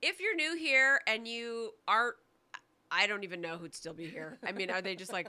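A woman's voice: medium pitch, normal speed, pushed and bright. A woman co-hosting a podcast in casual chat, full of laughing, profane banter. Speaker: podcast co-host.

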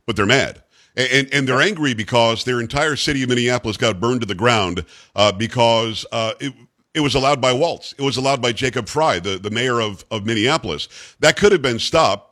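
A man's voice: medium pitch, pushed and bright. A male radio talk show host interviewing a guest in an emphatic, rambling way.

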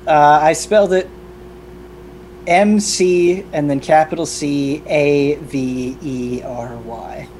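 A man's voice: a little high, steady tone, slow pace, darkish tone, slight background noise. A man, a player, chatting in an easygoing, enthusiastic way while a tabletop game is set up. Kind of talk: casual chat setting up a tabletop game.

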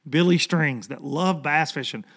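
A hoarse man talking casually on his fishing podcast, his voice a touch high for a man. He rambles, repeats himself for emphasis, and sounds worn from a week of talking. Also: a little slow, a bit bright. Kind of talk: casual chat.

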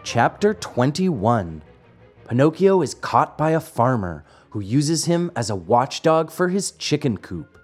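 A man reading a classic fairy tale aloud as host, measured and expressive. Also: mid-range voice, faint music behind. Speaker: host and reader. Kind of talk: storybook narration.

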